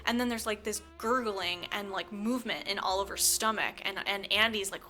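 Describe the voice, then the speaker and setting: A woman podcast co-host casually recapping a movie plot, animated and full of fillers, acting out the characters' lines as she goes. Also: medium pitch, fairly quick, few pauses, soft background music.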